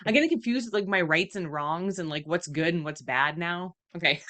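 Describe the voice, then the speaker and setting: A woman with a slightly low voice chats casually as a podcast co-host. She rambles, laughs a lot and guesses her way through stories. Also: fairly quick, a bit bright. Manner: rambling, giggly, guessing plots. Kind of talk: casual chat.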